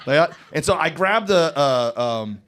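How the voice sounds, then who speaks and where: A male comedian co-hosting a live podcast, tossing in laughing, swearing asides and quick stories. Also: a little high, lively intonation, a bit bright. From Miami. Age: young adult or older. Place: comedy club stage before a live audience.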